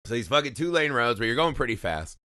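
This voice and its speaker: A man in his thirties from Indiana, co-hosting a podcast and telling a story in animated, profane casual chat. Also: mid-range voice, fast talker, no room sound, studio quality. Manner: animated storytelling, heavy swearing, laughing. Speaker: podcast co-host.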